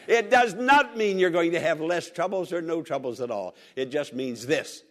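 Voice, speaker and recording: A man's voice: a little high, animated, moderate pace, hardly any pauses. A man preaching a sermon, repeating phrases emphatically and calling for responses from the congregation. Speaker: pastor.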